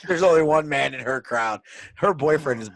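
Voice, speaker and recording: A young man co-hosting a podcast, talking crudely and loudly and laughing often. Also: fairly high pitch, animated, moderate pace, gravelly, no echo. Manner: loud, profane, laughs often. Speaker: podcast co-host. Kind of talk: crude casual chat. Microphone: desk microphone.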